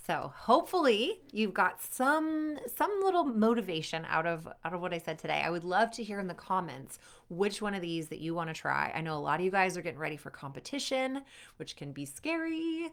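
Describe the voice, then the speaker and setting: A woman's voice: mid-range voice, moderate pace. A woman sport psychology coach giving motivational tips to camera in an upbeat, conversational way, speaking straight to the viewer. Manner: quotes an athlete's inner voice with lively put-on emotion.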